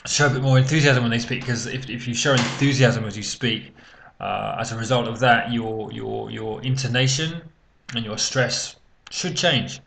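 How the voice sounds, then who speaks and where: Gravelly-voiced man explaining exam feedback. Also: medium pitch, steady tone, moderate pace, a bit bright, a little hiss or hum. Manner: hesitant, many fillers and restarts, occasional coughs. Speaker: English exam teacher. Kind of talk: unscripted spoken lesson.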